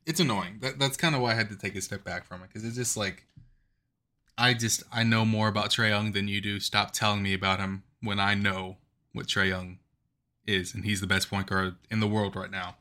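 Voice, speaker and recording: A man's voice: lowish voice, fairly even intonation, a little fast, sharp tone. A man in his twenties co-hosting a podcast, talking in a passionate, rambling, emphatic way in casual sports chat. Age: 20s. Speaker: podcast co-host.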